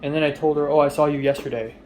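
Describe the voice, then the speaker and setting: A young man rambles casually through a personal story, full of fillers, often trailing off quietly in a flat, low-key voice. He talks rapid-fire, and there's a little hiss or hum.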